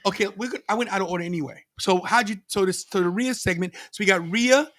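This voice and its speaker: A high-voiced man co-hosts a live watch-along podcast. He is animated and laughs often. He addresses the chat directly between his opinions. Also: quick pace. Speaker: podcast co-host.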